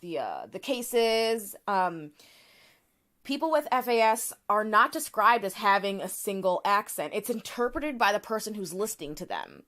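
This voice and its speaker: A woman's voice: mid-range voice, expressive, normal speed, fairly bright tone. A woman co-hosting a podcast, explaining a topic in casual chat with frequent restarts and fillers. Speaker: podcast co-host.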